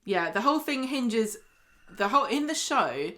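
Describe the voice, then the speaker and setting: A woman's voice: a little high, very animated, normal speed, bright, forceful tone. A woman co-hosting a podcast, chatting casually and laughing as she recaps a soap. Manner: chatty, laughing, slips into put-on voices. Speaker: podcast co-host.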